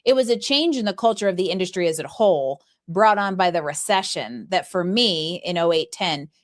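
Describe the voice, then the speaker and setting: A woman's voice: fairly low pitch, expressive, fairly quick. A woman hosting a podcast, asking curious questions in an upbeat, playful way. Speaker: podcast host. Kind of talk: conversational interview.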